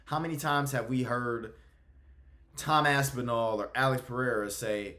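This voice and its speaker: A man's voice: medium pitch, fairly even intonation, a little slow, sharp tone. A young man hosting his own video channel, ranting bluntly and with heavy profanity. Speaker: MMA commentary YouTuber.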